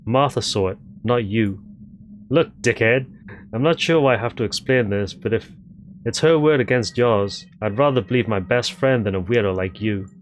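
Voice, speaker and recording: A man's voice: medium pitch, normal speed, slight background noise, natural voice. A man voicing an aggressive young bully who swears and threatens while looking for his missing girlfriend. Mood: contemptuous.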